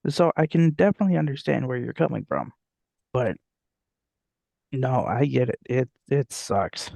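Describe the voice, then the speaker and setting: A man's voice: mid-range voice, normal speed, creaky, darkish tone, dry recording. A young man co-hosting a podcast in casual chat, joking and laughing often. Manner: laughs often, jokey, puts on silly voices for quotes. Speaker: podcast co-host.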